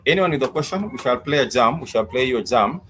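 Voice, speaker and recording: A man teaching Swahili words in a live-streamed lesson, slowly repeating each word and its meaning, with many fillers. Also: mid-range voice, animated, a bit bright, slight background noise.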